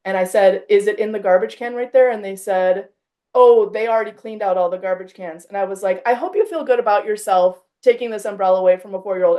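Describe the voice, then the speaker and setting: A woman in her thirties chats casually as a podcast host. She tells an anecdote animatedly, acting out both sides of the conversation and peppering her speech with "like". Her voice sits at an ordinary middle pitch. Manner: animated storyteller, acts out quoted exchanges, frequent "like".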